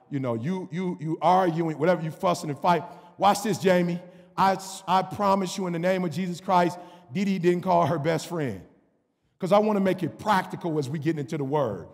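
A man preaching with a very high voice that rings out into a long hall reverb. He hammers his points with shouted repetition, then suddenly drops low and quiet before building again. It is a fiery sermon from the pulpit. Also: vocal fry. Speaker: pastor.

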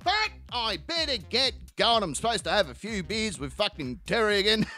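A man's voice: sits high, normal speed, faint music behind. A man hosting an online commentary show, delivering a crude, profane comic outro and acting out voices as he tells stories. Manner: profane, animated storytelling, acts out voices. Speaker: YouTube commentary host. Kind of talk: crude comedic outro monologue.

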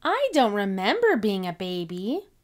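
A woman voicing a small, excitable girl piglet in a storybook, using a high childlike voice. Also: a little slow. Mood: excited.

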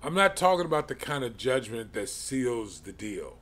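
A man in his forties teaching a Bible study in a slow, halting way, with many pauses and restarts. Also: medium pitch, very animated, a bit bright. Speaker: podcast teacher.

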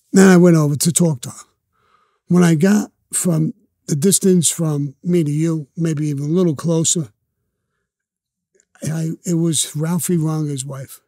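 A man's voice: fairly high pitch, normal speed, warm tone, no room sound, studio quality. An older man with a Brooklyn accent, telling long profane street stories bluntly as an interview guest. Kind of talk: storytelling interview.

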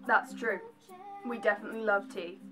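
A young woman from England with an English accent and a slight American twang, chatting to camera with animated, jokey asides in a home vlog. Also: medium pitch, moderate pace, over music. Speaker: vlogger. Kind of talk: casual chat to camera.

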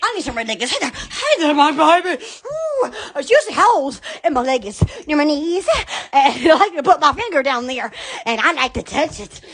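A woman hosting a phone livestream from home, rambling giddily with lots of giggles, squeals and drawn-out exclamations. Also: sits high, sing-song, a bit bright. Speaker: live-stream host. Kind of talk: silly, rambling livestream chatter.

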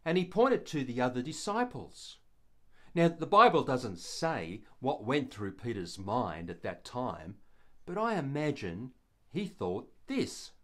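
A man's voice: mid-range voice, big pitch swings, measured pace, fairly bright tone. Earnest older man telling a Bible story. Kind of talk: devotional story narration.

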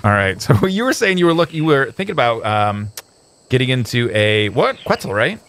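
A man hosting a gameplay video, upbeat and excitable, joking with a guest. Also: medium pitch, moderate pace. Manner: upbeat and excitable, playful banter. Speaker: host. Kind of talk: casual gameplay commentary.

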